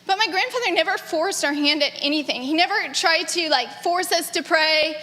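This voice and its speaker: A woman in her thirties gives a personal testimony, her voice high and sharply bright. She talks earnestly and with animation, often laughing. The long reverb of a large hall trails every phrase. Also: fairly quick. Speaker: granddaughter sharing memories. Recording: echoey hall.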